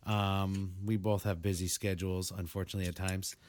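A man's voice: sits low, level tone, fairly quick, a little mellow. A man from New England co-hosting a podcast, telling loose, profane stories and chatting with listeners. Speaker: podcast co-host. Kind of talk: casual podcast chat.

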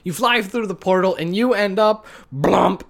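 A man's voice: high-pitched, moderate pace, creaky, fairly bright tone. A man co-hosting a casual gaming podcast, recapping a game's plot with profane, sarcastic jokes. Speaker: podcast co-host.

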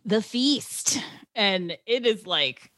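A woman's voice: medium pitch, animated, very slow, fairly bright tone, no echo, studio quality. A woman in casual chat, recapping a movie plot with lots of laughter and acted-out quotes.

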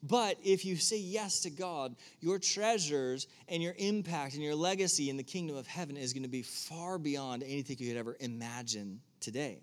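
A man's voice: a little high, moderate pace, hardly any pauses. Man preaching a conversational sermon. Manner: conversational, asks the audience direct questions. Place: church room with an audience.

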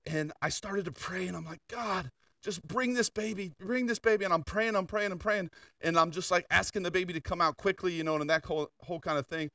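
A man's voice: fairly high pitch, fairly even intonation, fast talker, pushed and bright, dry recording, clean studio sound, distant mic. An older man preaching a sermon in a conversational storytelling way, full of asides and questions to the congregation. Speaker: pastor.

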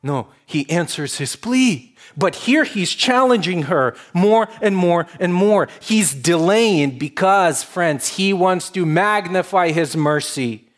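A man's voice: sits high, lively intonation, takes it slowly, hardly any pauses. A man preaching a sermon in a conversational way, building to emphatic stretches. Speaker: pastor.

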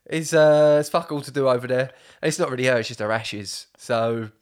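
A man's voice: medium pitch, fairly quick, smooth. A young man, hosting a casual podcast chat, rambling through stories with lots of swearing and laughter. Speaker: podcast host.

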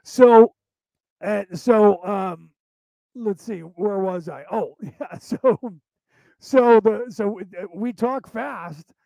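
High-voiced man telling rambling stories. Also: slow, gravelly, mellow, no room sound, poor audio. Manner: chatty, anecdotal, often restarts sentences. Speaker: show host. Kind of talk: casual rambling storytelling.

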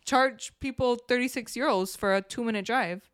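A young woman in her twenties co-hosting a podcast, chatting casually, backing up her friend with quick agreements and the odd swear word. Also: on the high side, clean tone. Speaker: podcast co-host. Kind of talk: casual chat.

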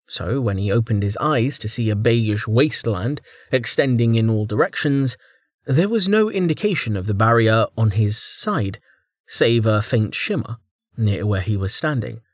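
Animated male audiobook narrator. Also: medium pitch, dry recording, clean studio sound. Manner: expressive storytelling. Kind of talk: scripted narration.

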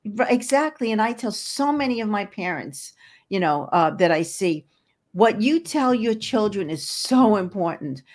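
A woman's voice: medium pitch, lively intonation, normal speed. A woman speaking as a podcast guest, an energy healer and hypnotherapist, talking earnestly and encouragingly with frequent restarts. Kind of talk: podcast interview conversation.

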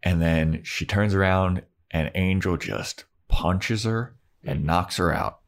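A man's voice: low voice, takes it slowly. A man co-hosting a podcast, retelling a TV episode in casual chat and acting out the scenes as he goes. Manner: animated storyteller acting out scenes. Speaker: podcast co-host.

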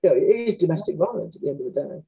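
Woman, author guest; dark, husky, candid storyteller. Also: low voice, sing-song, very fast, low-quality recording. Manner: frank, chatty, often acts out quoted dialogue. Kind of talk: candid conversational anecdotes.

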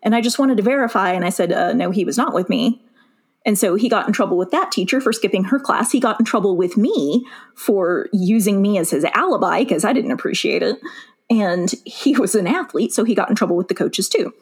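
A woman teacher telling a story in a casual chat, animated and laughing as she goes. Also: medium pitch, fairly quick, breathy edge. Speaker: teacher and podcast co-host.

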